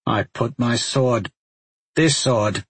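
A man's voice: medium pitch, takes it slowly, a bit bright, slightly rough, no room sound, heavily acted. A man voicing a haunted, guilt-ridden male adventurer in an audiobook, speaking in a strained, tense way.

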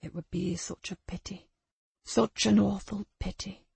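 A chilling, slow-spoken tormentor voiced by a woman who murmurs almost under her breath. The voice is low and gravelly. The recording is dry and close. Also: steady tone, no echo, full character voice. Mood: menacing. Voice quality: low hushed menacing murmur. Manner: slow, drawn-out, sinister. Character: menacing adult abuser taunting a child.

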